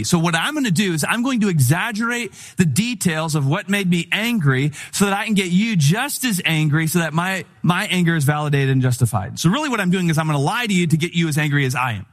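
A middle-aged man preaching a sermon in a conversational, humorous style, telling animated stories. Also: fairly high pitch, fast, hardly any pauses. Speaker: pastor.

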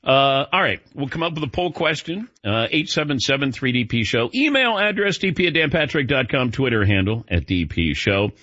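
Man, sports radio host, chatty, joking, husky, dry, dull studio sound. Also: mid-range voice, fairly quick, hardly any pauses, dry recording. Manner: chatty, joking anecdotes, lively. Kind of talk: casual sports talk. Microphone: studio mic.

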